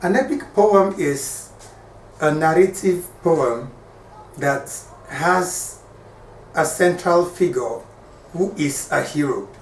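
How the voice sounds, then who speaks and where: Slow, roomy-sounding male teacher. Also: a little high. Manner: slow and explanatory, counting syllables aloud and checking in with listeners. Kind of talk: classroom lesson on poetry. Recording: roomy, distant voice with faint ambient noise.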